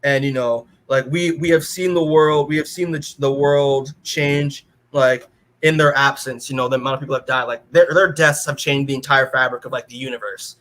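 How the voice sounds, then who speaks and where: A man's voice: mid-range voice, fairly even intonation, normal speed, fairly bright tone. A man co-hosting a comic-book podcast, recapping the story in a rambling, casual way with lots of filler words and restarts. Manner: rambling recap full of "like" and restarts, quoting characters in his own voice. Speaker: podcast co-host.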